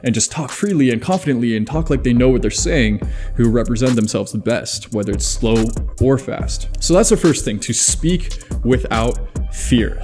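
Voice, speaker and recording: A man's voice: medium pitch, dark tone. A man hosting a self-improvement video, chatting casually and laughing at his own jokes. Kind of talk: casual advice monologue.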